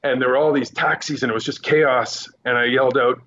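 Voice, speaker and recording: A man who works as a news correspondent, telling animated stories from the field in a casual podcast interview. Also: mid-range voice, highs cut off, a little hiss or hum. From Quebec Eastern Townships, Canada. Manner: animated anecdotes, quick asides.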